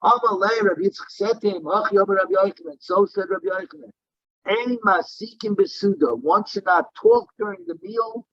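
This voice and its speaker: A man's voice: high-pitched, normal speed, no room sound, highs cut off. A man teaching a daily Talmud class, reading Aramaic text in a singsong and explaining it in English. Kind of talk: Talmud lesson, reading and translating.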